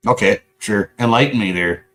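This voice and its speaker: A man's voice: lowish voice, normal speed, fairly bright tone. A man hosting a live stream, angrily and profanely confronting a chat commenter, sarcastic and combative. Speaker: livestream host.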